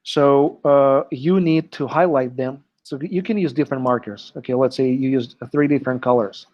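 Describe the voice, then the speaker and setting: A man's voice: mid-range voice, normal speed, a little mellow. A man teaching an English class live online, explaining step by step and checking in often with "okay", heard through a computer mic on a video call. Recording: dull lo-fi online call audio.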